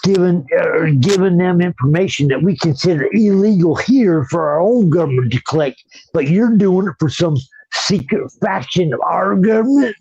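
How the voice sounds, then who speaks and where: A man with a somewhat high voice hosting a loose chat and going off on conspiratorial rants. The recording is dry and dull, with a lo-fi edge. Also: lively intonation, moderate pace, a little mellow, husky, no room sound. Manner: ranting, conspiratorial asides. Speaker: host. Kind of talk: casual chat.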